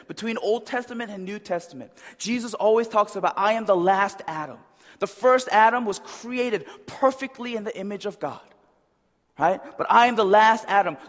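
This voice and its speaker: A man preaching a conversational sermon as a pastor, often checking in with "right?". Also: sits high. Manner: conversational, with frequent "right?" asides. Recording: long reverb of a large hall.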